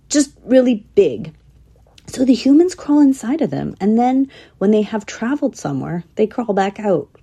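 A woman's voice: medium pitch, warm tone, husky. A woman voicing a young female squirrel telling her story in a matter-of-fact, thoughtful way.

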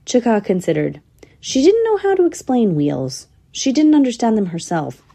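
A woman narrating a children's animal story in a calm, steady reading voice. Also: a little high, normal speed.

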